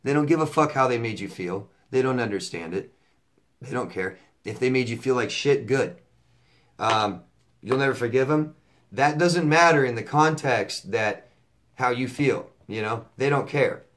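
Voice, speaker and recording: A man's voice: medium pitch, normal speed, a bit bright. A middle-aged man coaching viewers in a casual advice monologue, blunt and repetitive, swearing when riled up. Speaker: relationship coach answering viewer questions.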